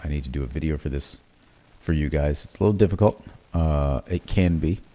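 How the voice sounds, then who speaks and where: A man's voice: rumbling low, a little fast. A man hosting a live trading stream, thinking aloud as he marks up charts, with many fillers and "right?" tags. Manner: relaxed, self-correcting commentary while drawing on charts. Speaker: crypto trading livestream host.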